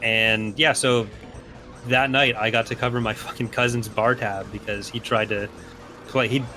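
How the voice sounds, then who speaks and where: A man's voice: medium pitch, steady tone, moderate pace, bright, forceful tone, soft background music. A young man telling a story casually while playing a racing game, laid-back and sweary, laughing through it. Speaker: co-player.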